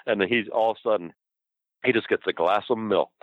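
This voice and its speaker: A man's voice: fairly low pitch, a little fast, dry recording, phone-quality sound. A man, a former wrestler, telling a story in casual talk, laughing often and swearing freely. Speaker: former pro wrestler, guest.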